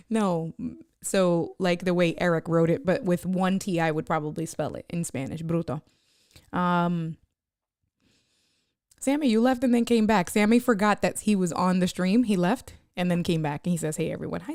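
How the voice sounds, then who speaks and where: Animated New woman telling a story. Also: fairly low pitch, no echo, studio quality. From United States. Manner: animated storytelling, laughs often, reads chat comments aloud. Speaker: live streamer. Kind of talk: casual live-stream chat.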